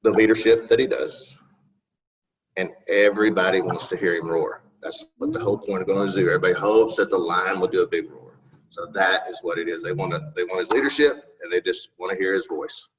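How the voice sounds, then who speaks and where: A middle-aged man with a lowish voice answers questions in a loose, folksy ramble, polite and unpolished. He sits back from the mic, and the sound is dull and muffled. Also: brisk. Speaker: city council candidate. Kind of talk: casual interview answers. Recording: distant, muffled recording.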